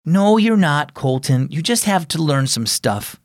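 A man's voice: on the high side, big pitch swings, measured pace, dry recording, clean studio sound. A man voicing an earnest, apologetic boy who is babysitting his little brother in a storybook reading.

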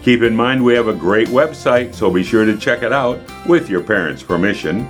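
A man hosting a children's devotional program, reading scripture and a story aloud, expressive and slowing down for emphasis. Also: lowish voice, soft background music.

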